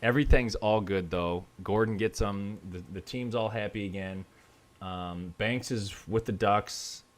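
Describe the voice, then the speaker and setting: A man's voice: on the low side, a little slow. A man co-hosting a podcast, recapping a film plot in casual chat with dry asides. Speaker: podcast co-host. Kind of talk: casual movie review chat.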